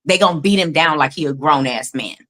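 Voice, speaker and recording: A woman's voice: low voice, a little fast, fairly bright tone. A woman in her thirties and a mother, talking candidly and emphatically with lots of profanity in a casual livestream chat over a video call. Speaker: co-host and mother.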